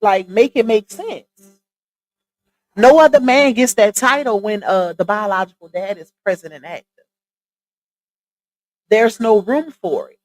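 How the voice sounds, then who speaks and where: A woman's voice: mid-range voice, measured pace, pauses often, a little mellow, dry recording, poor audio. Chatty woman streamer, casual commentary. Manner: chatty, emphatic, addresses viewers directly. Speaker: live stream host.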